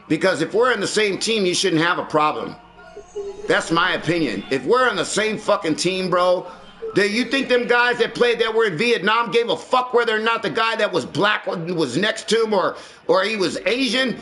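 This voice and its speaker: High-voiced dude streamer going off on a rant, bright sharp tone, swears a lot. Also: male voice, expressive, moderate pace. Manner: loud, ranting, profane storytelling. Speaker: livestream host. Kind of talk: casual party chat on a game stream.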